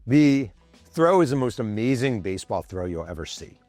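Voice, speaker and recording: A man in his fifties, a podcast host telling a sports story from his office with animated energy, acting out the quotes and swearing casually. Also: medium pitch, normal speed, no echo, soft background music. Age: 50s. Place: home office.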